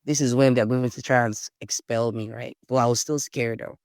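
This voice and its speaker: Nigerian woman spilling stories on a podcast, animated, does all the voices, dry close sound. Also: a bass voice, brisk, no room sound. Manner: animated storyteller, acts out quotes, Nigerian slang. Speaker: podcast guest. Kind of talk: storytelling in casual interview.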